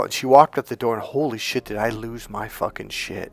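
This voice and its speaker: Animated male dating coach telling a story. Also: fairly low pitch, fairly quick, gravelly, few pauses, faint music behind. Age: young adult. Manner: animated, swears and acts out quotes. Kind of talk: casual storytelling monologue.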